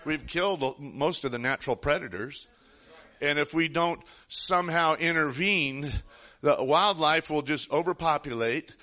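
A man's voice: on the high side, unhurried, sharp tone. A man preaching a sermon, telling a personal story in an earnest, rambling way with frequent restarts.

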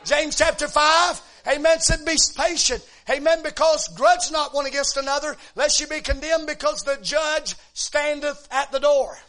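High-voiced man preaching a fervent sermon. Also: normal speed, hardly any pauses, a bit bright.

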